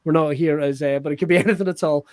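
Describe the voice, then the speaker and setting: A man's voice: fairly high pitch, steady tone, rapid-fire, darkish tone, dry recording. A man hosts an online improv show with lots of energy, laughing and dropping swear words. His voice sits mid-range and sounds close and dry, with no room around it. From United Kingdom.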